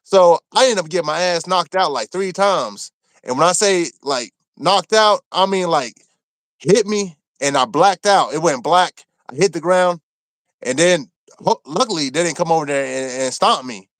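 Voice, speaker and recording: A man from Maryland telling a rough story from his time in prison, cursing freely and acting out what people said. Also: on the high side, moderate pace, no echo. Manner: animated, profane, acts out quotes. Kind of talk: casual storytelling.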